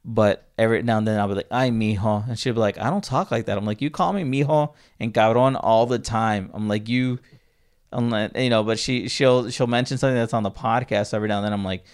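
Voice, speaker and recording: A man's voice: lowish voice, steady tone, fast talker, smooth. A young man co-hosting a casual podcast, rambling and stumbling over his words with frequent laughs. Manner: rambling, self-interrupting, laughs often. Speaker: podcast co-host.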